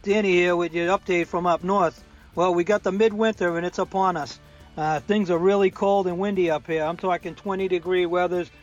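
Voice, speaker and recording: An older man with a strong Boston accent talks in a loose, chatty way, full of you-knows and ums. His voice sits a bit high for a man. The recording sounds dull and lo-fi, with faint music underneath. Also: steady tone, fairly quick. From New England. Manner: chatty, many fillers. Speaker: weekly contributor. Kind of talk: casual recorded update.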